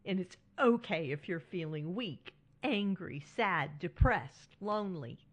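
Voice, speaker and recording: A woman's voice: fairly low pitch, animated, a little slow. A middle-aged woman hosting a solo podcast, speaking frankly and reassuringly and often checking in with "right?". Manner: warm, reassuring and frank, with frequent "right?" tags. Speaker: podcast host.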